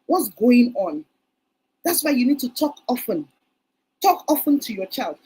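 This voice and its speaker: At a conference, a woman tells stories in a parenting talk and acts out parents' quotes. She speaks a little slowly with big pitch swings in a fairly high, warm voice that has a breathy edge; the audio is poor.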